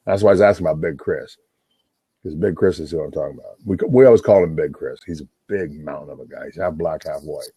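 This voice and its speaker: Middle-aged man, low dark husky voice, rambling and profane, dry sound. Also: fast talker, no echo. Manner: rambling, profane, talks over himself. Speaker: livestream host on a phone call. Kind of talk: rambling casual monologue.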